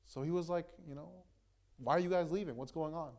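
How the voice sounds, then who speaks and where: A young man, an imam, retelling a story to a gathering in a relaxed, conversational way, full of fillers and restarts. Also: fairly high pitch, fairly quick. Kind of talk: casual storytelling talk.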